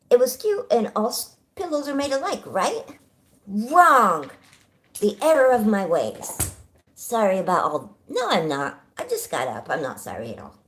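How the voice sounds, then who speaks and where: A middle-aged woman from California hosting a casual home livestream, bubbly and chatty, greeting viewers by name and laughing often. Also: medium pitch. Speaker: livestream host. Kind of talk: casual live chat.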